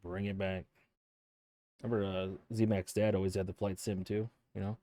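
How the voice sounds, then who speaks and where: A man's voice: fairly low pitch, fairly quick, dry recording. Laid-back man hosting a dry podcast. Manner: relaxed, laughs often, trails off. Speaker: podcast host. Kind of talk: casual chat.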